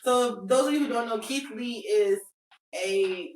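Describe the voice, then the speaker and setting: A woman's voice: a little high, unhurried, roomy sound, distant mic, low-quality recording. A woman co-hosting a casual podcast chat, blunt and joking as she keeps steering the talk to the next topic. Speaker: podcast co-host.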